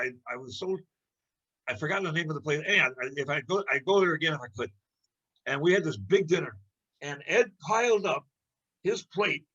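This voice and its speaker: An older man with a high voice recalls an old memory at a relaxed ramble, losing words and chuckling. The audio is dull and lo-fi. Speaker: guest martial arts master.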